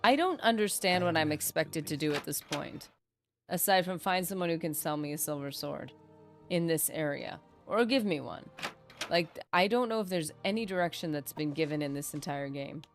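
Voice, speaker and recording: Gaming live, a woman chats away in a rambling, self-mocking style, often trailing off before picking the thought back up. Her low-sitting voice is expressive at a moderate pace, with faint music in the background.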